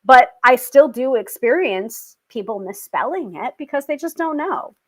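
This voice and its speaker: A woman hosting her own tarot show, chatting casually to viewers, animated and quick to laugh. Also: sits high. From family British. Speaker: tarot reader and show host.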